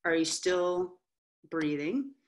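A middle-aged woman giving a candid motivational talk to an audience as an author and coach, telling stories in an animated way and checking in with the room with frequent asides. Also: on the low side, takes it slowly. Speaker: author and coach, guest speaker.

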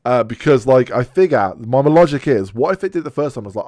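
A male podcast host in loose, casual conversation. He rants bluntly and drops curses freely, in a mid-pitched voice. The sound is dry and close. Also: lively intonation, fast, a little mellow, no room sound. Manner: ranting, blunt and profane.

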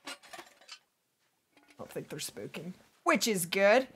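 A woman hosting a hunting-game livestream, chatting casually with viewers and reading their messages aloud, her voice going hoarse from days of streaming. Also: medium pitch, big pitch swings, a little hiss or hum. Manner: upbeat, chatty, reads chat aloud, quick to laugh. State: losing her voice. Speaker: livestream gaming host. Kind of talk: casual livestream chat while playing.

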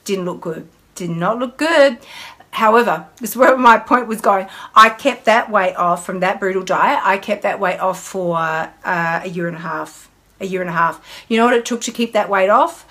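A woman's voice: medium pitch, pushed and bright. A woman hosting a casual live stream, talking candidly and emphatically about her own eating habits. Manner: candid, chatty, emphatic, with acted inner dialogue. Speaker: host.

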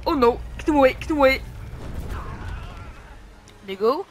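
High, lively woman gaming live. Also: moderate pace. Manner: reactive, pleading and groaning at the game; talks to the enemy, swears now and then. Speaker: gamer streaming a playthrough. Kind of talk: casual gameplay commentary.

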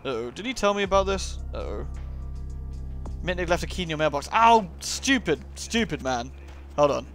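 A man's voice: on the high side, expressive, quick pace, pauses often, soft background music. A man giving casual, cheeky gameplay commentary, full of self-mocking asides. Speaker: let's play commentator.

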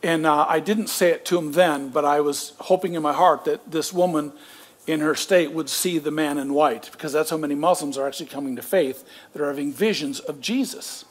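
A man's voice: a little high, brisk. A man who is a pastor, telling a story in a sermon in a casual, self-deprecating way with joking asides. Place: church.

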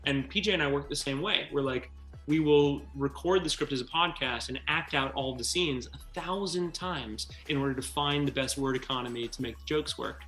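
A man, a filmmaker guest, chatting in an interview, telling stories quickly and acting out quotes. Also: mid-range voice, reverberant, faint music behind. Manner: animated, quick storytelling, acts out quotes. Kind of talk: casual interview chat.

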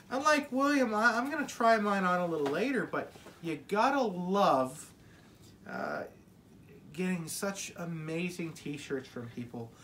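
Cheery American mom-vlogger type, animated and exclaiming, gently herding a kid through an unboxing. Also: female voice, lowish voice, slight background noise. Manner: upbeat, exclaiming, coaxing a child along. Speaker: family vlogger. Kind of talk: casual home unboxing chat.

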